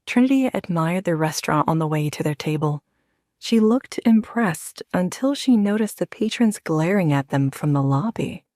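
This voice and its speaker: A woman narrating a romance audio drama in a measured, even storytelling voice into a close studio mic. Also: deep voice, dry recording. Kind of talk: scripted narration.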